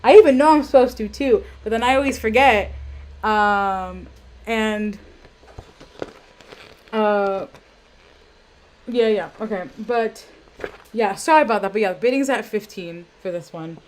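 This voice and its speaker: Young woman, live stream host, casual rambling chat, medium pitch, webcam sound, faint background hum. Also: a little slow, long pauses. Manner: rambling, self-deprecating, lots of ums and tangents. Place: home room.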